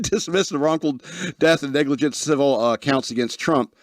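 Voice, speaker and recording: In clean studio sound with no room ambience, a man hosts a talk radio show, reading the news and breaking off for sarcastic asides and complaints. His voice is medium in pitch and his pace moderate, in the style of casual news commentary.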